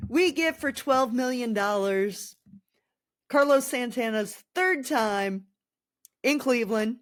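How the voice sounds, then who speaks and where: Slow-talking woman ranting sarcastically. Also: fairly high pitch, no room sound. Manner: sarcastic, animated venting with crude jokes. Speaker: podcast host. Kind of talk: casual sports podcast rant.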